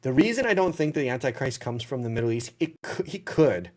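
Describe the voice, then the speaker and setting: A man hosts a live question-and-answer stream, taking viewer questions in a casual, conversational way. He gives blunt, opinionated answers and works through his thoughts out loud in a mid-range voice. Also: medium pitch, very animated, brisk. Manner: blunt, opinionated, thinks aloud. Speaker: livestream Q&A host.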